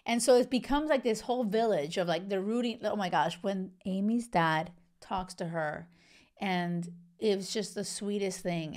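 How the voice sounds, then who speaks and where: A woman's voice: medium pitch, darkish tone. A young woman hosting a casual talk about a reality show, effusive and chatty, with many fillers and restarts. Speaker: host. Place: lives in Spain.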